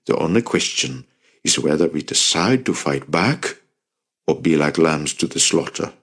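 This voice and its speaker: A man's voice: a bass voice, animated, a little slow, a bit bright, exaggerated voice. A man voicing a grim, determined older uncle who speaks with firm urgency in an audiobook. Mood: grimly urgent.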